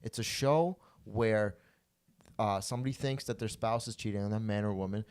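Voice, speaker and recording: A man hosting a podcast, telling a story in casual chat and loudly acting out the quotes, with plenty of swearing. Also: lowish voice, normal speed, clean tone. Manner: profane, animated storyteller who acts out quotes loudly. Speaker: podcast host.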